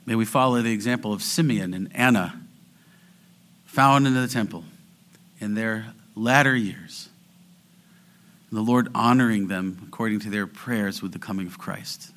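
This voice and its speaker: Male pastor, bright voice, earnest sermon that swings between fervent calls and hushed near-whispers. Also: on the low side. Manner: earnest, rising to fervent exhortation; slows down and drops to near whispers for emphasis.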